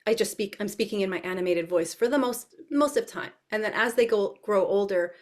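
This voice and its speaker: A woman's voice: mid-range voice, fairly quick. A middle-aged woman dance educator explaining her teaching with enthusiasm in an interview. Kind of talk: interview answers.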